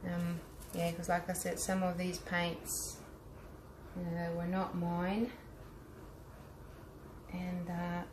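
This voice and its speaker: This Australian art teacher and vlogger talks casually with live viewers as she paints, giving friendly, teacher-like asides. Her delivery is completely flat, low-sided and slow with frequent pauses, heard through roomy echo and a faint hum.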